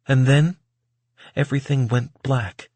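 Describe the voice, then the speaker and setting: A husky-voiced man reads an audiobook in the first person, in a measured and wry way. His pitch sits in the middle range and the recording is dry and close, with no room sound at all. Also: steady tone, darkish tone, dry recording. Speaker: audiobook narrator. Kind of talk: audiobook narration.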